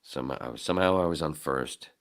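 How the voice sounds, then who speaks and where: A man hosting a podcast, telling a story casually with lots of swearing and acting out his own shouting. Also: rumbling low, fast. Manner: profane, animated, acts out his own shouting. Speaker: podcast host.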